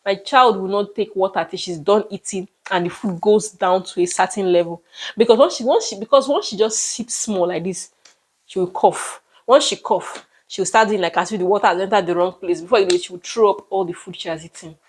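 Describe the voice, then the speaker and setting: A woman's voice: medium pitch, fairly quick, husky. A young Nigerian woman with a Nigerian accent, telling a personal story to her vlog viewers in an emphatic way, often repeating words. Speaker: vlogger.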